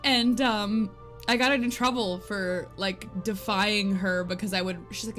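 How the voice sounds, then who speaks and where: During a relaxed live stream, a female gamer rambles and giggles through animated stories, her speech peppered with "like." She has a mid-range voice at a normal speed, and soft game music plays in the background.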